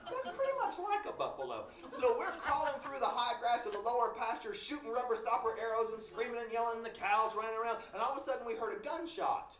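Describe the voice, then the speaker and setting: A man's voice: very high voice, fast talker, hardly any pauses, a bit bright. A man from Kentucky, telling a story live in a folksy, wry way, heard in a large hall from a distance. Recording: roomy hall from far off.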